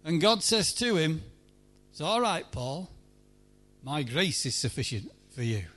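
Man, high voice, sermon, emphatic, loud then hushed. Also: big pitch swings, measured pace. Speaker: preacher. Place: church meeting.

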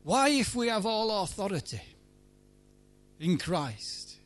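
A man preaching a sermon at a church meeting, emphatic, swinging between loud pleading and hushed lines. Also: sits high, big pitch swings, slow pace.

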